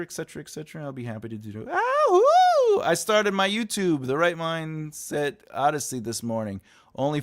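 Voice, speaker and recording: A man hosting a live writing stream, chatting loosely with his viewers, rambling and laughing, often acting out what other people say. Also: on the high side. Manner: rambling, animated, laughs often, acts out quotes. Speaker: writing teacher and show host.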